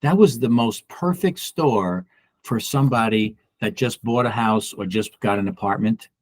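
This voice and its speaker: A middle-aged broker leads a casual training session for agents. He speaks bluntly and with animation, and he acts out the people he quotes. His voice sits somewhat low and comes across dry and close. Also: moderate pace, no echo. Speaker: real estate broker and trainer. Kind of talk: casual office training talk.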